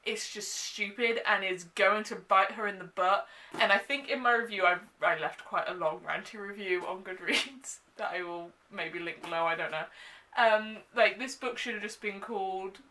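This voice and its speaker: A young woman giving a casual, exasperated book review, full of "like" and quick asides. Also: medium pitch, a little hiss or hum. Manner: animated, exasperated, filler-heavy with frequent "like". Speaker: book vlogger.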